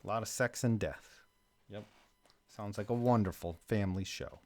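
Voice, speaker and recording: A man's voice: on the low side, moderate pace. Young male co-host from Virginia, crude jokey banter on a sports talk stream. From Virginia, USA. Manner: crude, joking, reads superchats aloud. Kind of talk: casual sports chat.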